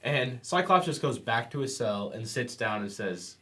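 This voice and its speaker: Guy on a comics podcast, middle pitch, chatty recap of the issue. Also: animated, normal speed, few pauses, a bit bright. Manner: retells scenes acting out quoted lines. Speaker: podcast co-host. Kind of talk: casual comic book review chat.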